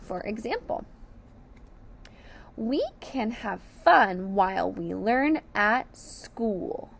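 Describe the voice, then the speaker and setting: Slow, gravelly-voiced phonics teacher woman. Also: medium pitch, lively intonation, a little hiss or hum. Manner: sounds out letters and syllables one by one, praising. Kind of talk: slow, deliberate phonics lesson for young children.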